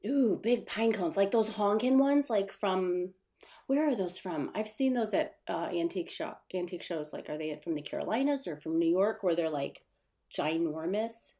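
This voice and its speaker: A woman's voice: fairly low pitch, lively intonation, normal speed, mellow. A woman hosting a casual live stream from her desk at home, chatting in a rambling way, reading viewer comments aloud and laughing at her own stumbles. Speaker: livestream host.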